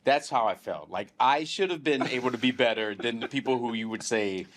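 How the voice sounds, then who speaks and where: A man's voice: medium pitch, a little fast, slight background noise. A middle-aged man, a guest actor on a podcast, talking casually and laughing at himself. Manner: self-deprecating, animated, laughing often.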